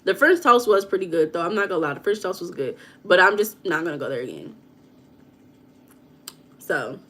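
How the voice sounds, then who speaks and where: A woman's voice: on the low side, lively intonation, normal speed, a bit bright. Chatty woman hosting a livestream. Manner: chatty, reads and answers viewer comments, dramatic storytelling. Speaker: livestream host. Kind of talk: casual livestream chat.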